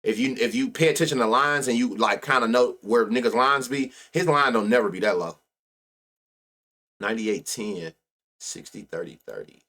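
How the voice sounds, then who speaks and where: A man's voice: mid-range voice, moderate pace, pushed and bright. A man hosting a live sports betting stream, reading stats and riffing loosely with plenty of profanity. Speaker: sports betting show host.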